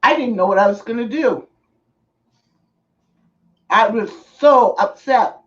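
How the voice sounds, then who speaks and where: A woman streamer telling a personal story in casual, unhurried speech, earnest in tone and pausing to thank viewers. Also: on the high side. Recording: distant, dull lo-fi mic.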